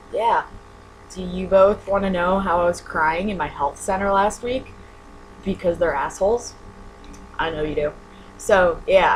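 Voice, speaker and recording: A woman's voice: on the low side, slight background noise, rough recording. A young adult woman in a casual webcam vlog, rambling and sarcastic, saying "like" a lot. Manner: rambling, sarcastic, heavy use of "like". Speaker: vlogger. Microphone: webcam mic.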